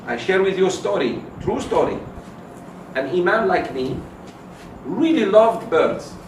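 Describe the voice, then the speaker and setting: Animated preaching imam in an echoey hall. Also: male voice, sits high, measured pace, a little hiss or hum. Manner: animated storyteller, swings from loud exclamations to soft asides. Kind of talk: sermon with storytelling. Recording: echoey hall, mic at a distance.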